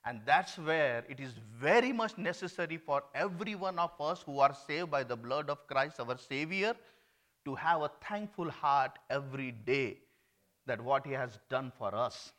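A man's voice: medium pitch, expressive, normal speed. Earnest man preaching. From India. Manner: earnest, varies loudness between emphatic and hushed. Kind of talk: sermon.

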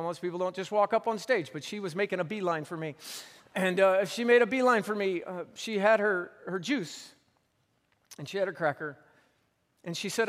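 A man's voice: high voice, long reverb tail. A man preaching a sermon as pastor on a church stage, telling a story earnestly and repeating phrases for emphasis.

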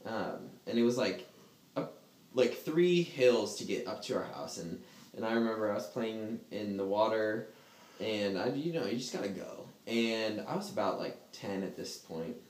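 A man's voice: on the low side, lively intonation, moderate pace. Casual male storyteller, rambling and laughing, fillers galore, roomy echo. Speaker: storyteller in a group chat. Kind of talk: casual chat.

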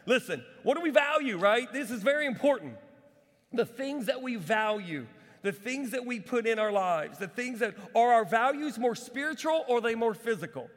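A man preaching a sermon as pastor, telling stories with lively repeats and asides to the congregation. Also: very high voice, normal speed. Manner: energetic storytelling with repetitions and asides. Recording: long hall reverb.

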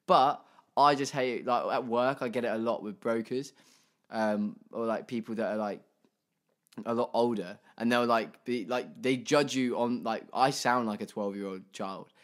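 A man's voice: mid-range voice, normal speed. A man, co-hosting a casual podcast and telling stories in a rambling way full of fillers and restarts. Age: 20s. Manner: rambling, filler-heavy storytelling with many restarts. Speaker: podcast co-host. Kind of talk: casual chat.

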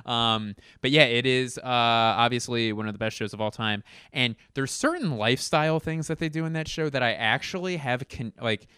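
A man hosting a podcast, doing a casual comedic monologue. He rambles and swears, interrupts himself, and jumps into sudden animated exclamations. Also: medium pitch, normal speed, few pauses, clean tone, no echo, studio quality. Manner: rambling, profane, self-interrupting rant.

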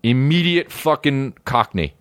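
A man's voice: mid-range voice, lively intonation, a little slow, fairly bright tone, no echo, clean studio sound. A man riffing in a casual comedic monologue, rambling and profane, breaking into silly put-on voices. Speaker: comedian podcast host.

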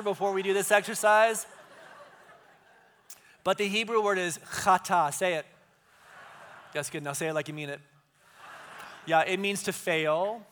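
High bright-voiced male pastor preaching. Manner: conversational, animated, drops to hushed tones for emphasis. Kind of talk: sermon.

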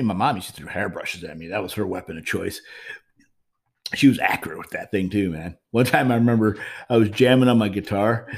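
A man hosting a podcast from his home, talking in a frank, rambling way with many fillers and restarts. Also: lowish voice. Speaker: podcast host. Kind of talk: casual monologue.

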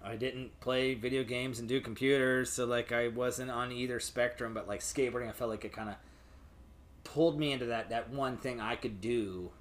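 A man's voice: mid-range voice, steady tone, moderate pace. Casual young guy, rambling and profane, easygoing conversational delivery. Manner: loose, profane, rambling storytelling. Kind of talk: casual chat.

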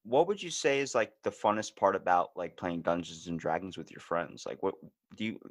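A man hosting a podcast in casual chat, animated and acting out the voices of people he quotes. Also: low voice, brisk, dry recording. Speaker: podcast host.

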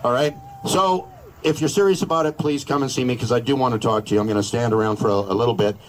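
A man's voice: mid-range voice, quick pace, a little hiss or hum, poor audio. A Canadian man giving a crude, joking, rousing speech at an outdoor rally. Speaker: rally speaker.

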